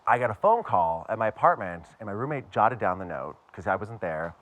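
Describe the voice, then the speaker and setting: A man's voice: lowish voice, sing-song, a little fast, fairly bright tone. A man from Pittsburgh telling a personal story to a live audience with wry, self-mocking humor. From Pittsburgh, USA.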